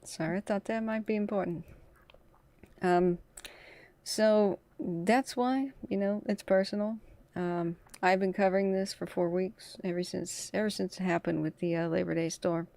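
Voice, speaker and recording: A woman's voice: lowish voice, fairly even intonation, normal speed, vocal fry, dark tone. A tired woman hosting a casual live wildfire stream, chatting over scanner radio. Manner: chatty, talks through radio traffic. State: tired from little sleep. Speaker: wildfire livestream host.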